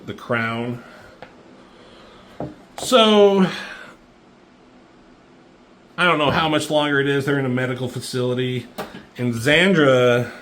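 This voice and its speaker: A man talks through a comic in a loose, unscripted way, full of fillers and curses. His voice sits at an ordinary middle pitch and climbs sharply when the action heats up. A faint hiss runs under the recording. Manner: profane, excitable play-by-play with lots of fillers. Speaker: comic book reviewer. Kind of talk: casual comic book recap.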